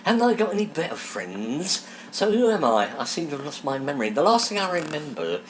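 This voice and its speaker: A man's voice: a little high, sing-song, fairly quick, slight background noise. A man voicing a confused, plummy Englishman who has lost his memory, in a comedy sketch.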